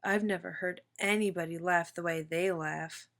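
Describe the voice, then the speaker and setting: A woman reading a children's picture book aloud in steady, even narration. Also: lowish voice, moderate pace, vocal fry. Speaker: storyteller.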